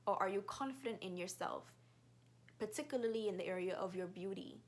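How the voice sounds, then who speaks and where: A young woman in her twenties with a Bahamian accent, telling stories quickly and animatedly in a casual vlog. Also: mid-range voice. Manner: fast-talking, animated storyteller.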